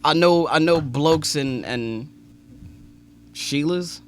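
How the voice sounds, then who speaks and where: A man's voice: on the high side, slow. Male podcast co-host, casual and jokey, swears a lot, laughs easily. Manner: joking, swears freely, laughs often. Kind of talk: casual chat.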